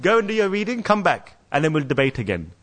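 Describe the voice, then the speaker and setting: A man's voice: on the high side, big pitch swings, fast, a bit bright. A man voicing a confident young male scholar who dismissively tells his rival to go home and rest. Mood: teasing.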